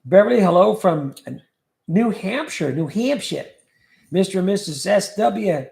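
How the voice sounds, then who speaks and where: A man's voice: sits high, lively intonation, unhurried, vocal fry, a little mellow. A man hosting a livestream, casually chatting and joking as he reads viewer comments aloud. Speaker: livestream host. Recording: echoey room.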